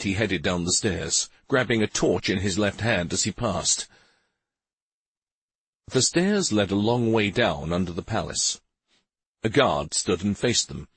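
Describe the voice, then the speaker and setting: A man narrating a fantasy story as an audiobook in a slow, expressive way. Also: on the low side, breathy edge, dry recording.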